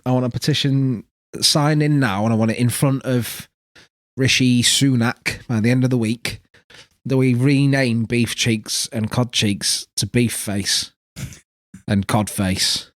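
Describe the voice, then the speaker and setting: A man's voice: mid-range voice, fairly even intonation, a little slow, no room sound, clean studio sound. A man co-hosting a podcast, teasing and joking crudely in casual banter. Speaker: podcast co-host.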